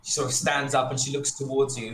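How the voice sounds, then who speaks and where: A man narrating as game master in a tabletop game, pausing often with fillers. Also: mid-range voice, level tone, roomy sound, background noise. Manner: halting, filler-heavy narration.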